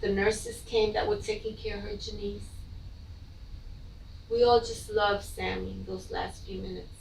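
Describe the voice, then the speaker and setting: Woman, middle-aged, emotional testimony, halting, gravelly, roomy echo. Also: mid-range voice, flat delivery, slight background noise. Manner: emotional, halting, repeats phrases. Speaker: bereaved mother telling her story. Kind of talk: personal testimony. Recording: echoey room, from a distance.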